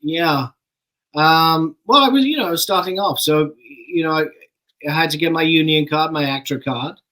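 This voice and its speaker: A middle-aged man from Canada, a guest actor telling stories in a relaxed, chatty way, laughing and swearing casually. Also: fairly high pitch, moderate pace, rough recording. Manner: relaxed anecdotal storytelling, laughs and swears freely. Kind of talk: casual interview chat.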